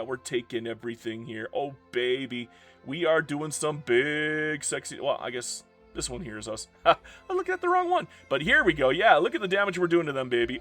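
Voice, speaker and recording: A young man commentating his strategy gameplay, swinging from loud outbursts of disbelief to ranting and gloating. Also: on the high side, no echo. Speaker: strategy game video creator.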